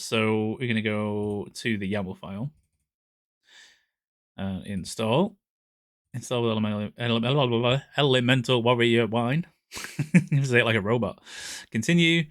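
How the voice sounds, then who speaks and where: A man at a mid-range pitch, talking through a screen-recorded tutorial in an easygoing way. He thinks aloud and often corrects himself mid-sentence. The sound is close and dry, with no room around it. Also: fairly bright tone, no room sound. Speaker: tech tutorial creator. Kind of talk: casual screen-recorded walkthrough.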